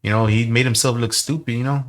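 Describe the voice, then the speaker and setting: A man's voice: medium pitch, steady tone, fast. A man in a casual podcast chat, talking tough and swearing bluntly.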